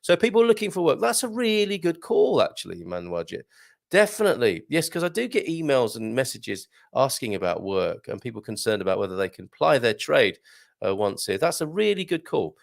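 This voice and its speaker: Lively gravelly-voiced man. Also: mid-range voice, a little fast. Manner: chatty, animated, laughs often, reads comments aloud. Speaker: livestream host reading viewer comments. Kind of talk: casual chat.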